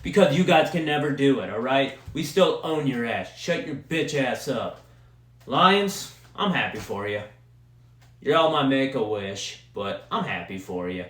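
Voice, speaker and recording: On his solo podcast, recorded with a roomy echo, a Wisconsin man delivers a profane, heated rant about football. He speaks a little slowly in a medium-pitched, animated voice.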